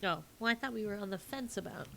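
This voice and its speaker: A woman's voice: medium pitch, lively intonation, fast talker, creaky, fairly bright tone. A woman co-hosting a podcast in casual film-review chat, hesitant and searching for her words. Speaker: podcast co-host.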